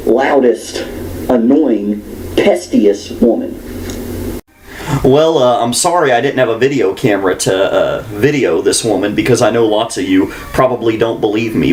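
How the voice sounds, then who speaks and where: A man's voice: on the low side, a little slow, a little hiss or hum, low-quality recording. A man hosting a podcast, telling a story in a rambling, casual way. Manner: rambling, animated, with restarts. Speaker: podcast host.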